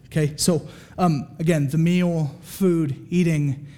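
A male pastor preaching in a relaxed, conversational way, his voice sitting a little high for a man. He talks quickly and animatedly, pausing again and again to check in with the congregation. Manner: casual, animated, keeps checking in with "okay?". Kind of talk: sermon.

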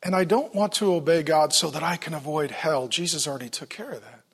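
High-voiced, lively man preaching. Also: fairly quick, slightly rough. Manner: animated storytelling with playful acted quotes. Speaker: pastor. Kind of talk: sermon. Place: church.

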